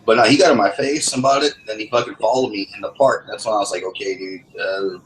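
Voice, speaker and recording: Man, low voice, profane angry storytelling, stammering restarts, echoey room, faint noise. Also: fast, hardly any pauses. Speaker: gamer in a voice lobby. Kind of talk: casual chat.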